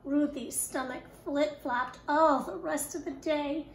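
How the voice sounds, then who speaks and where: A woman kindergarten teacher reading a picture book aloud with expressive, animated storytelling. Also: high voice, takes it slowly, a little hiss or hum. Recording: echoey room.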